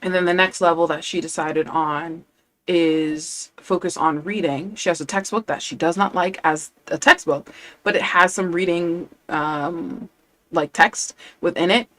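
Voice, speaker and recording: A woman's voice: lowish voice, fairly even intonation, unhurried, a bit bright. A woman language coach in casual live-stream chat, enthusiastic and chatty, laughing often as she talks.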